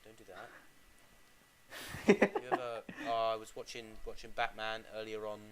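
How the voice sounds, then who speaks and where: A man co-hosting a comedy podcast, mock-formal and jumping from mumbles to loud outbursts. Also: lowish voice, completely flat delivery, quick pace, a crowd in the background. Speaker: podcast co-host.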